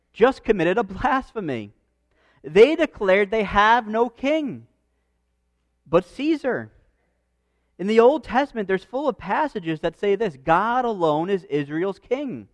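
Male preacher with a high voice and dry, close sound, earnest and emphatic. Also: animated, dry recording. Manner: earnest, emphatic, slows down for quoted verses. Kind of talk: expository sermon reading scripture.

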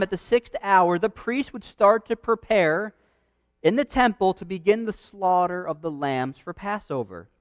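A man preaching an expository sermon, reading scripture verses aloud and explaining them in an earnest, emphatic manner, slowing down for quoted lines. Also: sits high, dry recording.

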